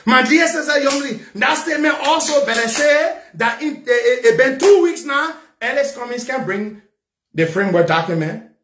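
Talk show host, male, high-pitched and fiery, echoey room. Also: animated, moderate pace. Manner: fiery, repetitive, shouting at times. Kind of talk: angry political rant.

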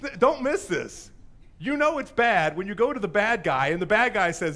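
Pastor preaching, high voice, wide swings, playful storyteller. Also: male voice, expressive, measured pace, fairly bright tone. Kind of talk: sermon.

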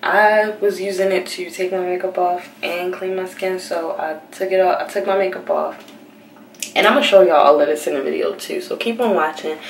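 Hushed late-night woman vlogger, roomy. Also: fairly low pitch, creaky, a little hiss or hum. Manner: hushed, half-whispering so as not to wake anyone. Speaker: beauty vlogger. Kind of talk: late-night casual vlog. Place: bathroom at home. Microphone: handheld phone camera. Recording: roomy, slightly distant phone audio.

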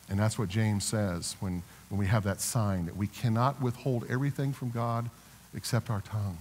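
A man's voice: mid-range voice, moderate pace, a little hiss or hum. A man preaching a sermon as a pastor, earnest, with repeated restarts, building to emphatic exhortations. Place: church sanctuary. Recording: reverberant church sanctuary.

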